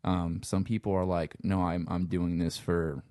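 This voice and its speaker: A Cajun-accented man from Louisiana, a sound engineer and musician, chats casually as an interview guest, sprinkling in swearing and "you know." His deep voice is warm, fairly flat in pitch, at a normal speed. The clean studio recording has no echo.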